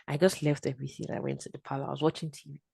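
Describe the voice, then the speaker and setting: Low-voiced woman, guest on a faith podcast, lively testimony, dry close sound. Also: racing, gravelly, slightly rough, no room sound. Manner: animated storytelling, acts out her own quotes. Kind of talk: casual testimony chat.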